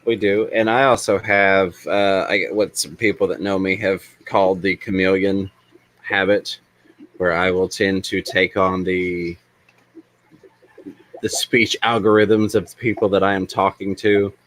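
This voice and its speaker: A man talking in a measured, agreeable way in a casual stream chat. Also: low voice, steady tone, fairly bright tone, no room sound.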